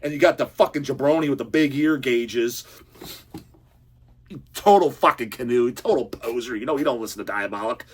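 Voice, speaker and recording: A man's voice: medium pitch, normal speed, breathy edge. A man hosting his own channel, giving a profane, heated casual rant. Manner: profane, heated, animated ranting. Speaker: channel host. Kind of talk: ranting casual monologue. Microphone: handheld camera or phone.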